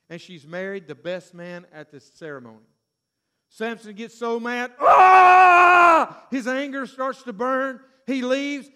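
A man with a high-pitched voice delivers a storytelling sermon. He acts out the characters and breaks into sudden shouts. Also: clear, resonant tone. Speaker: preacher.

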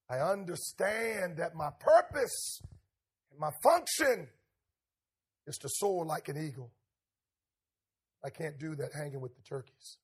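A man's voice: on the high side, breathy edge, voice pushed down, exaggerated voice. A man telling a revival sermon story, voicing a young eagle who believes he is a turkey, in a plain, matter-of-fact way.

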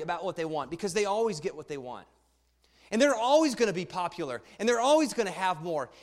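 A male pastor with a high voice preaches at a quick pace to a youth congregation, his sermon including a story read aloud. He's lively and conversational, asking the audience questions, and the church hall gives a long reverb.

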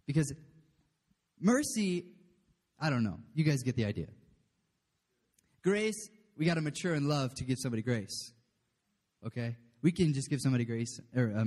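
Chatty preacher in an echoing hall. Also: male voice, on the high side, darkish tone. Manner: chatty, asks the room "okay?", laughs often. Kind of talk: casual sermon to a congregation. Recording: long hall reverb.

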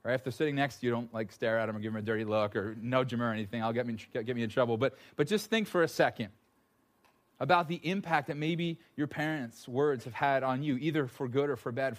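A man's voice: medium pitch, a little fast. A man preaching a sermon to a congregation, telling stories with self-deprecating jokes. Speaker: pastor.

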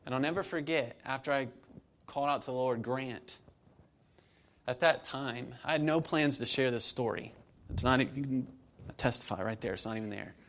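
A man's voice: mid-range voice, normal speed, a bit bright, a little hiss or hum. A man in his thirties preaching to his church in a conversational way, building to emphatic peaks. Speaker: pastor. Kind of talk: sermon.

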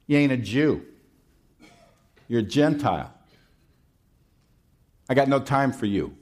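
A man's voice: mid-range voice, sing-song, slow pace, long pauses, a little mellow. A man preaching a sermon in a conversational way, with rhetorical questions and folksy asides.

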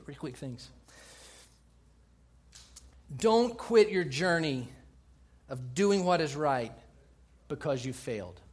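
High-voiced man preaching a sermon. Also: expressive, slow pace, long pauses, breathy edge. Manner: emphatic, swings from quiet to loud passionate preaching. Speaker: pastor.

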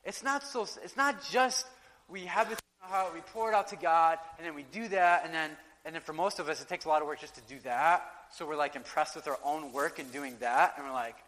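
A man preaching in a church sanctuary, with a fairly high and bright voice. He talks in a loose, conversational way and acts out the quoted lines. The long reverb of a big hall trails after his words. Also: a little fast, hardly any pauses. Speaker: pastor. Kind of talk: sermon.

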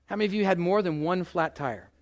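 A middle-aged male pastor preaching a sermon, animated, asking the congregation questions and acting out exasperated outbursts. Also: sits high, fast. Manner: animated, acts out exasperated voices with loud outbursts.

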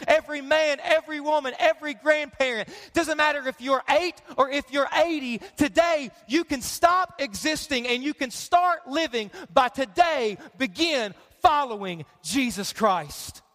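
A man's voice: very high-pitched, normal speed, few pauses, fairly bright tone. Male pastor, sermon, passionate and repetitive; long hall reverb. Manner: passionate, repetitive preaching with building emphasis.

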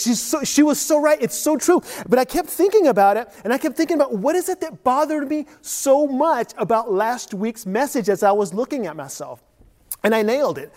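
A man's voice: very high voice, darkish tone. A man preaching a sermon as pastor, in a conversational, self-deprecating way, often repeating words while he thinks. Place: empty church. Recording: long reverb of a large empty church.

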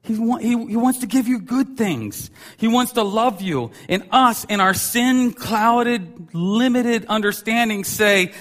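A man's voice: high voice, takes it slowly, hardly any pauses. A man in his thirties preaching a sermon as a pastor, telling stories with a voice that jumps up sharply for emphasis. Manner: animated storytelling, voice rising sharply for emphasis. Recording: long hall reverb.

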